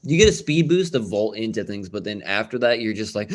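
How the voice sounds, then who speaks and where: Male streamer, casual home chat, rambling, cusses freely. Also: lowish voice. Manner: rambling, swears, many fillers and restarts. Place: at home indoors.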